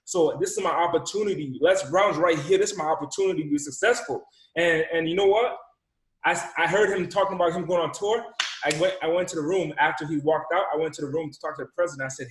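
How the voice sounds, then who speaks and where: A man from Rhode Island, a podcast guest and motivational speaker, telling a personal story with high energy, repeating words and acting out dialogue. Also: fast talker. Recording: roomy echo.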